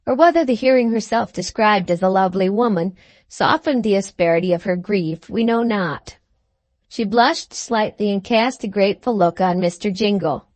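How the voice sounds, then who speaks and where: A woman's voice: mid-range voice, no room sound. Woman narrating an audiobook. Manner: measured, even storytelling. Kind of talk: scripted narration.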